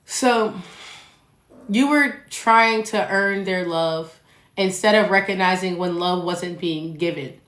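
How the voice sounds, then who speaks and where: A young woman hosting her own podcast, talking straight to listeners in a blunt, animated way and swearing freely. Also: on the low side, slow. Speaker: podcast host. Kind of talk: casual solo podcast monologue. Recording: echoey room.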